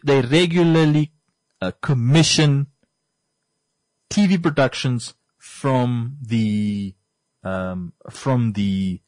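A man's voice: mid-range voice, dry recording. Emphatic man, dry sound. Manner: rambling, emphatic, repeats points for effect. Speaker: podcast host. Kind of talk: casual monologue.

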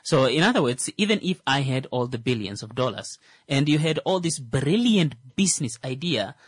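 A man's voice: mid-range voice, animated, moderate pace, husky, no room sound. A man co-hosting a radio talk show, a stand-up comedian who stumbles over repeated fillers before making his point.

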